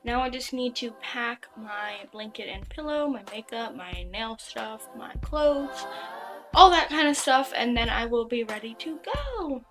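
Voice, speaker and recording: A young woman talks to her camera in a chatty, rambling way, often stopping to correct herself. Her voice sits high. Clear music plays underneath. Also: animated, unhurried, a bit bright. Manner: rambling, chatty, self-interrupting. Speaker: vlogger. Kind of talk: casual vlog chat.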